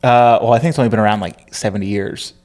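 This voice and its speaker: A man's voice: fairly low pitch, steady tone, fast, a little mellow. A man co-hosting a comedy podcast, telling a history story in an easygoing, wry way. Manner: easygoing, laughs along, wry. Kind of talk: casual storytelling chat.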